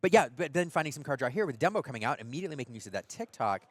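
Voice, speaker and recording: A man doing energetic play-by-play commentary on a card game tournament. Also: mid-range voice, very fast, no echo. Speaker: play-by-play caster.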